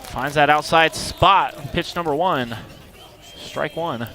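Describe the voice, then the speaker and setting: A man calling live play-by-play of a high school baseball game with brisk, matter-of-fact pitch calls. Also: bright, forceful tone, poor audio. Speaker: play-by-play announcer. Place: outdoor ballpark.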